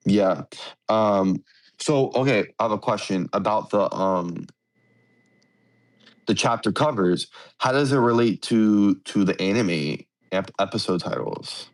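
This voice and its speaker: Low-voiced easygoing man. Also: expressive, unhurried. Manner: easygoing, page-by-page recap with fillers. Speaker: podcast co-host. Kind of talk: casual chat walking through a manga chapter.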